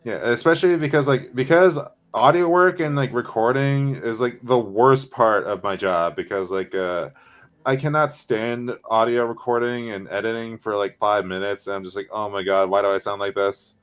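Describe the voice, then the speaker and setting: A man chatting casually as a guest, relaxed and agreeable, using lots of fillers. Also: lowish voice, normal speed, smooth. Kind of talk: casual chat.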